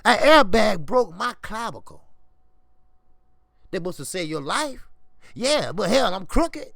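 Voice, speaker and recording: A man's voice: sits high, unhurried, vocal fry, long pauses, no room sound. A man hosting a boxing livestream, talking casually and emotionally with lots of swearing. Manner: animated, swearing, emotional storytelling.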